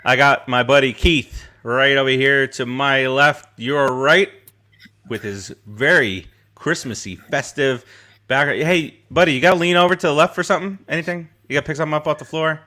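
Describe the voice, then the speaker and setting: A man's voice: medium pitch, normal speed, pushed and bright. A man hosting a casual chat show over a video call, joking around and teasing his co-hosts. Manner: joking, teasing, laughs often. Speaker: show host.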